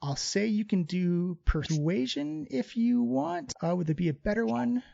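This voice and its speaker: A man's voice: sits high, sing-song, unhurried, gravelly, dark tone, highs cut off. A man narrating a tabletop game as game master in a loose, filler-heavy way.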